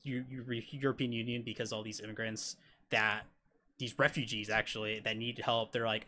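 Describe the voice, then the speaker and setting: A man's voice: medium pitch, level tone, fairly quick, pushed and bright, a little hiss or hum. An American man giving casual reaction commentary, rambling with lots of swearing and filler words. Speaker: reaction video host.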